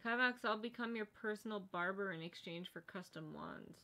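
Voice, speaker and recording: A woman's voice: mid-range voice, moderate pace, bright, forceful tone. Teasing woman on a casual livestream. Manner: teasing, playful. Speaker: livestream co-host. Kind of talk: casual live stream chat.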